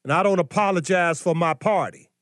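A man's voice: high voice, a little fast, fairly bright tone, no room sound. Combative preachy male commentator, dry sound. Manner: combative, scolding, rhetorical questions. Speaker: political commentary host.

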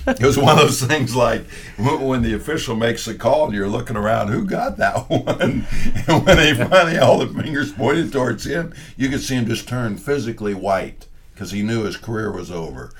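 A man telling old stories in a casual chat, acting out quotes with sudden loud bursts. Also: mid-range voice, brisk. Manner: animated, acts out quotes with sudden loud outbursts. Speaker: former radio announcer.

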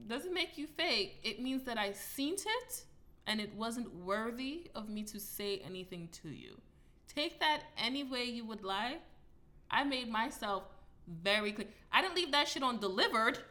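A woman's voice: on the high side, big pitch swings, measured pace, pushed and bright. A woman in her twenties co-hosting a podcast, talking casually in an emphatic, indignant way and swearing freely. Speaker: podcast co-host. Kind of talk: casual chat.

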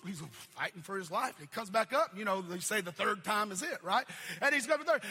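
A male pastor with a high, piercing, bright voice delivers a sermon in repeating cadences. He swells to shouts and falls back to near-murmurs. His voice rings out with a long hall reverb. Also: animated, brisk, slightly rough. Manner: preaching in repeated cadences, swelling to shouts then dropping low.

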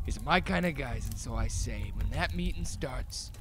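A man's voice: mid-range voice, lively intonation, moderate pace, heavy background noise, lightly acted. A man playing a scheming tenant who eagerly tells a conspiratorial story in an improv comedy monologue. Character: scheming male tenant plotting against a rooftop garden.

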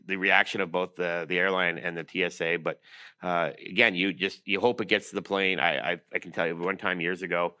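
Fast-talking deep-voiced man telling stories. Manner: fast, animated storyteller with lots of fillers. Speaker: guest, keeper of a trophy. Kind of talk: casual interview storytelling.

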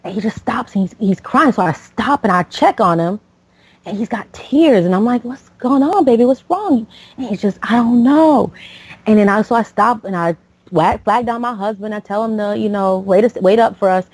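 A woman's voice: medium pitch, a little fast, slightly rough, no room sound, low-quality recording. A woman in her late thirties from Florida, a podcast host telling a personal story with lots of fillers and restarts. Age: late 30s. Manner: rambling, with many fillers and restarts.

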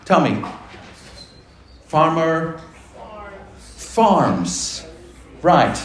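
A man preaching a sermon as pastor, animated and putting questions to the congregation. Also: on the high side, extremely slow. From Australia. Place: church. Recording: echoey church hall with faint ambience.

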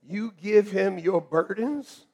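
Pastor guy preaching, high gravelly voice, jokes around and laughs a lot. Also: takes it slowly. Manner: animated, laughing, jokey preaching. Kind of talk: sermon.

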